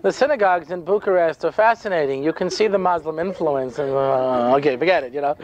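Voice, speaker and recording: A rabbi giving a humorous storytelling talk, full of dry sarcasm and frequent "you know" asides. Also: male voice, a little high, fast, lo-fi sound.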